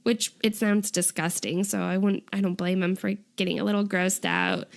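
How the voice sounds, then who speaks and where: A woman's voice: mid-range voice, moderate pace, gravelly. A young woman co-hosting a casual podcast, retelling an episode with lots of "like" and laughter. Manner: animated storytelling, frequent "like" and laughter. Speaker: podcast co-host.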